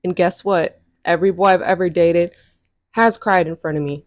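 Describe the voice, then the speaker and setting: A young adult woman telling a dating story to camera in a sassy, animated way, laughing often and swearing freely. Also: on the low side, moderate pace, no room sound, clean studio sound. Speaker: vlogger. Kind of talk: casual storytime chat.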